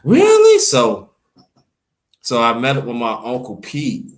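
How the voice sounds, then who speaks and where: A man from Brooklyn, telling a halting, emotional family story on a livestream and thanking viewers by name. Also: medium pitch, fairly even intonation, sharp tone. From Brooklyn, New York. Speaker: livestream host.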